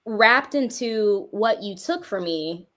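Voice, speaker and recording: A young woman talks casually as an interview guest. She tells her story with animated energy, often breaking into laughter. Her voice sits in a medium pitch range. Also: slow. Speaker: guest, music artist.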